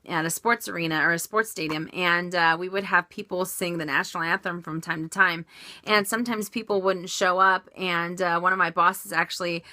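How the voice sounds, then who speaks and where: A woman's voice: fairly low pitch, bright, forceful tone, no room sound. A woman chatting casually as she answers viewer questions in a vlog, upbeat with many fillers and restarts.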